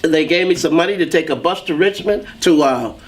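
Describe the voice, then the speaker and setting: A man's voice: on the high side, a little fast. A man telling his life story as an interview guest, acting out the voices of the people in it. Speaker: guest, saxophonist.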